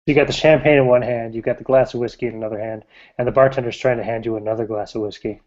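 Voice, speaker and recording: A man's voice: medium pitch, steady tone, very fast, a little mellow. Laid back guy running a tabletop game, rambly, laughs a lot, mid voice, muffled audio. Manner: casual, rambling, laughs often. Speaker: game master.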